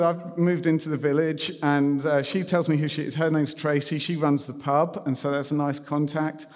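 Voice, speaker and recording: A preacher tells stories from his own life during a sermon, keeping it conversational and poking fun at himself. His voice is on the high side, steady and darkish, at a moderate pace, echoing with long reverb in a hall.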